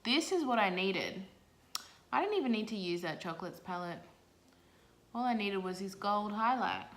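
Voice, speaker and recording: Expressive and a bit bright, a mid-range female voice moves at normal speed. The young Australian beauty vlogger gives a casual, playful makeup walkthrough with chatty asides to her audience, and the recording carries roomy echo and faint noise.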